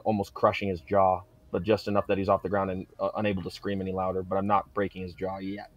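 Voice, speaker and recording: A man's voice: sits low, flat delivery, fast, few pauses, no echo. A man playing a tabletop role-playing game, talking intensely and aggressively with lots of swearing. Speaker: player.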